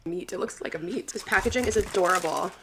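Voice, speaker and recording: A woman's voice: on the low side, quick pace, background noise. A woman narrating a casual home vlog in an upbeat, gushing, chatty way. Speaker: lifestyle vlogger.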